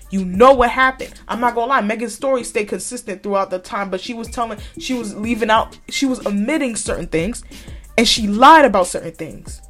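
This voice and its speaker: Blunt, heated woman ranting with swearing. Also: on the high side. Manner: scolds directly, repeats points for emphasis. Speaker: podcast host. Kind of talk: profane commentary rant.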